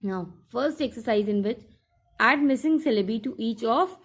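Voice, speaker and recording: A woman teacher explaining workbook exercises in a recorded lesson, slowly and step by step, repeating her instructions. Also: fairly high pitch, lively intonation.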